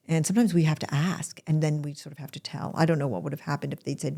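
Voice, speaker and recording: A woman with a fairly low voice hosts a podcast and talks her listeners through stories from her own life. She confides in them openly and gets emotional, and she slips into playful voices when she quotes other people. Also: fairly even intonation, racing, creaky, hardly any pauses, darkish tone, husky. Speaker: podcast host. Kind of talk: personal storytelling monologue.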